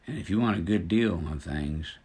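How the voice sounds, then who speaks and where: A man's voice: deep voice, moderate pace, husky. A man voicing a kindly, generous male singing star, folksy and calling a woman baby. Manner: warm, folksy, calls her baby.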